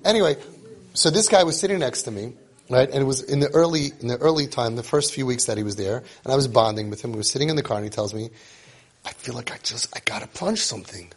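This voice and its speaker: A medium-pitched man talks fast as he coaches parents in an informal lecture. Emphatic and prone to repeating himself, he drops in Hebrew and Yiddish terms and performs the voices of parents and kids in quoted exchanges.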